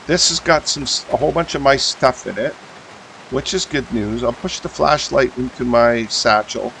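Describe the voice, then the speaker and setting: A man's voice: mid-range voice, gravelly, fairly bright tone, slight background noise, poor audio. A man streaming a survival game, thinking aloud in casual commentary as he sorts gear, with frequent ums and uhs. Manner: thinks aloud, mumbling fillers while sorting items.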